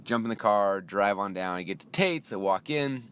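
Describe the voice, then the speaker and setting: Recorded inside a car, a podcast host with a lowish, slightly bright and animated voice rants casually through a story, playing both sides of the conversation. When exasperated he turns heated and fast, and there's a little hiss or hum in the audio.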